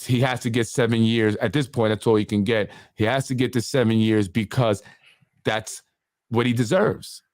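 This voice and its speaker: A man's voice: medium pitch, steady tone, moderate pace, darkish tone, dry recording, studio quality. Indignant male talk show host. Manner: indignant, with rhetorical questions.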